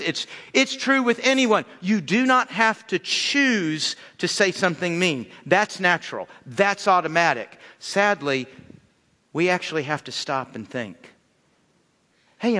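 Pastor, male, higher register, animated sermon delivery with playful asides; recorded in a big echoing church. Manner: animated, conversational preaching with acted-out asides. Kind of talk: sermon on marriage.

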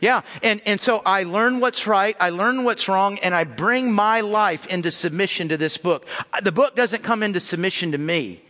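A male pastor preaching a sermon emphatically, repeating his words and swinging between loud appeals and hushed lines. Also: high-pitched, normal speed. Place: church sanctuary. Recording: long reverb of a church hall.

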